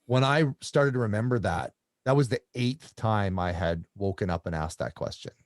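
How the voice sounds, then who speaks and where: Brief: Canadian-raised male coach, rambling interview storyteller, lowish voice, dry sound. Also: normal speed, no echo. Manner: rambling, with many restarts. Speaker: coach and guest.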